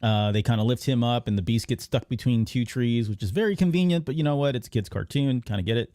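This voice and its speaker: A man hosting a podcast, casually recapping an animated episode in a rambling way. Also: mid-range voice, quick pace, no echo, clean studio sound. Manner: rambling recap with many fillers and restarts. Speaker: podcast host. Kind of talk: casual episode breakdown chat.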